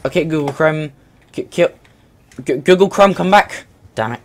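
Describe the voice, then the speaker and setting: An excitable young man talks over an online shooter match. His voice sits a little high and swings widely in pitch, and he breaks into sudden yells mid-sentence. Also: moderate pace, long pauses. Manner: excitable, bursts into shouts. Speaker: gamer. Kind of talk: casual gaming commentary.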